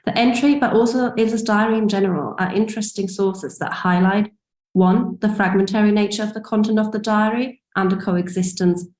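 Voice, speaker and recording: Woman, formal academic paper reading, steady delivery, roomy echo. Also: mid-range voice. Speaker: academic speaker.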